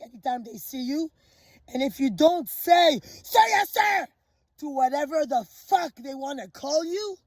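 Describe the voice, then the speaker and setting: A woman delivering an agitated, profane rant that swings between shouting and low muttering. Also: no echo. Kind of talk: ranting monologue.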